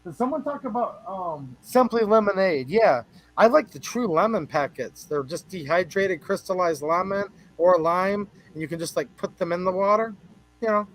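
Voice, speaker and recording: On a casual livestream, a male host with a high, expressive voice talks at normal speed, rambling, joking with chat, and greeting viewers by name. There's no room sound, but the audio is poor.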